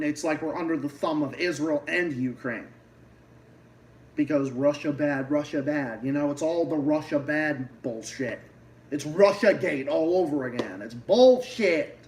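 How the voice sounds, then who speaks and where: A man with a Boston accent rants about politics on a livestream, swearing freely and often restarting mid-sentence. His voice sits a little high for a man. He sounds slightly distant, as if sitting back from the microphone. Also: measured pace, darkish tone, slight background noise. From Massachusetts. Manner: heated, profane ranting with many restarts. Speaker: livestream host.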